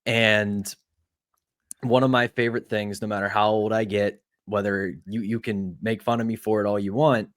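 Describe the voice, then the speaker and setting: A man's voice: on the low side, moderate pace, no room sound, studio quality. A man from Pittsburgh co-hosting a sports podcast, telling an anecdote in a casual, storytelling way. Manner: storytelling, animated retelling of anecdotes. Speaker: podcast co-host.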